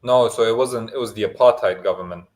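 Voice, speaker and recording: A man co-hosting a casual podcast chat over a call, talkative and quick to argue. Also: medium pitch, poor audio. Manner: chatty, jokey, quick to argue. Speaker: podcast co-host.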